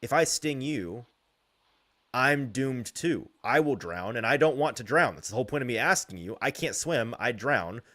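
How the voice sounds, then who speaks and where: A man voicing a sly, scheming scorpion in a fable he retells, speaking slowly and persuasively. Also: mid-range voice, expressive, sharp tone.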